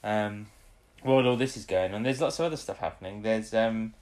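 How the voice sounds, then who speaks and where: A man's voice: lowish voice, a little fast, a little mellow. A man co-hosting a casual chat about an episode. He laughs often and acts out the characters' lines. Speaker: podcast co-host.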